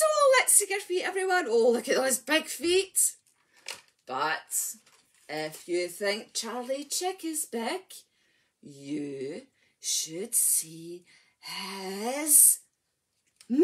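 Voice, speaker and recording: A woman's voice: on the high side, big pitch swings, slow pace, breathy edge. A Scottish woman leading a library rhyme time for babies and toddlers. She talks in a sing-song, exclamatory way, coaxing the parents and little ones, and reads a storybook aloud. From Scotland. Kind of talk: baby and toddler rhyme session with a storybook reading.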